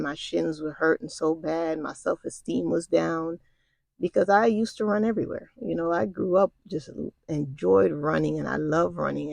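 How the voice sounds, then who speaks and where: Gravelly-voiced woman telling a story. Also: low voice, dry recording. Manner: conversational and colloquial, with frequent asides to the listener. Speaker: storyteller recounting military basic training. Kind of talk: casual spoken storytelling.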